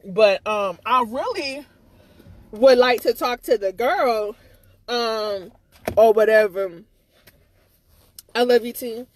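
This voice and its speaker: A woman's voice: fairly high pitch, slow, pauses often. A woman in a casual live-stream rant, agitated and rambling, repeating herself and swearing, with speech. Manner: swears freely, stammers on restarts. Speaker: livestreamer.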